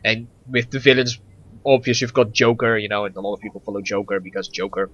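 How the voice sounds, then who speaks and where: A man's voice: lowish voice, monotone, quick pace, a bit bright, muffled recording. A man co-hosting a casual gaming chat, rambling with stammers, restarts and frequent laughs. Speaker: gaming podcast co-host.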